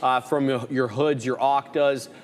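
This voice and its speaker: A man's voice: medium pitch, fairly even intonation, a little slow, in a large hall, a little hiss or hum. A man co-hosting a live trading show, chatting casually and rambling through lists with filler words. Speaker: trader and co-host. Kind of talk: casual live market chat.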